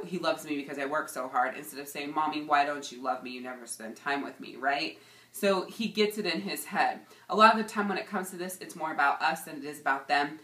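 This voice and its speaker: Energetic woman in her thirties, motivational coach vlog; lowish voice, bright tone, echoey room. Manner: energetic, emphatic, encouraging. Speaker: life coach and vlog host. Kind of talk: motivational talk to camera.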